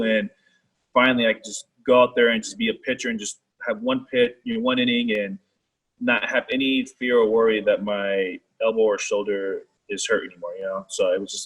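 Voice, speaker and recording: A young man, a baseball pitcher, talking casually as a guest, with lots of "like" and "you know". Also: slightly rough, poor audio. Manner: relaxed, filler-heavy talk with many "like"s. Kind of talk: casual chat.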